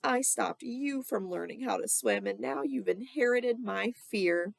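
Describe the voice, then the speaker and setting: A woman reading the part of a brisk, fussy mother in a storybook. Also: on the high side, big pitch swings, vocal fry, no room sound, pitched above the performer's own voice, full character voice. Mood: gentle. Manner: brisk and scolding.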